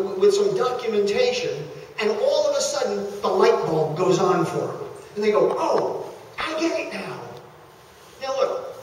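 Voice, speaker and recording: A man in his fifties with a New Jersey accent works a conference crowd like a showman, joking and animated, in a fairly high voice. He is heard from some distance in a large hall, with heavy echo and a long reverb tail. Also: slight background noise. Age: 50s. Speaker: motivational speaker at a network marketing event. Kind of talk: stage presentation. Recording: echoey hall, mic far off.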